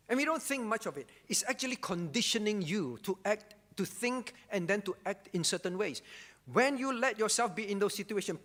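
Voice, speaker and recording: A male pastor with a notably high voice delivers a sermon in a church, leaning on repetition and rhetorical questions to drive each point home. His words ring out with a long reverb from the hall around him. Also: a bit bright. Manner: emphatic, repeats key phrases, frequent rhetorical "all right?".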